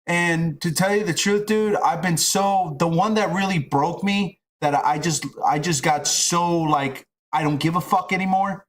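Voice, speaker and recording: A middle-aged man on a stream rants casually about job rejections, swearing freely. His voice sits high, and he speaks at a measured pace with barely any pauses.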